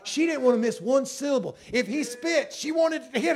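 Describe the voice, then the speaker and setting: A male pastor preaching a sermon with passion, dropping low and then rising loud. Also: lively intonation, moderate pace, hardly any pauses. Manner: impassioned, swings from soft to loud.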